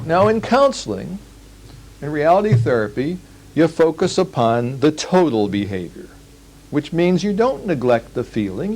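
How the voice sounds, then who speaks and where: A man's voice: on the high side, a little mellow, poor audio. An older man giving a live lecture, telling stories and acting out the quoted lines. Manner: storytelling, acts out quoted lines. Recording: old 1980s lecture tape.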